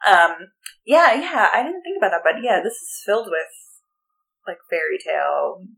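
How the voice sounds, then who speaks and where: Woman co-host, rambling and casual, very animated pitch. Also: moderate pace, gravelly, rough recording. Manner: rambling, filler-heavy. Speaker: podcast co-host. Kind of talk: casual book-club chat.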